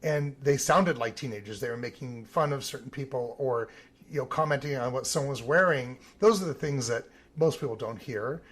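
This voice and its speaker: A man, an Olympic team photographer, telling animated stories in an interview. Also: mid-range voice, normal speed. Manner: animated anecdotal telling with some vivid emphasis. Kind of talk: interview storytelling.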